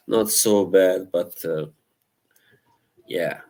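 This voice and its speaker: A man's voice: lowish voice, darkish tone, poor audio. A man casually chatting on a live stream, reading viewer messages and laughing often. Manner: slow, laughing, trying British accents for fun.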